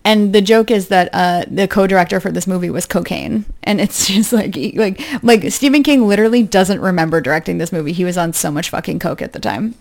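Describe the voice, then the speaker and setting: A woman chatting casually on a podcast, with a gravelly, creaky edge to her voice. She rambles, hunts for words and drops in the odd swear word. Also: lowish voice, brisk, few pauses, a little mellow. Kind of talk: casual chat.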